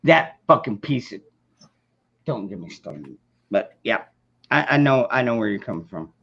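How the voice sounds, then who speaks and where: Gravelly laid-back man on a livestream. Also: fairly low pitch, expressive, moderate pace, fairly bright tone, muffled recording. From United States. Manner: laid-back, profane, laughs often. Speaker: host. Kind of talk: casual livestream chat.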